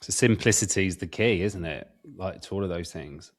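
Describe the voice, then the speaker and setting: A man's voice: sits low, moderate pace. A man co-hosting a podcast who asks long, thoughtful questions. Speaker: podcast co-host. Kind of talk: podcast interview.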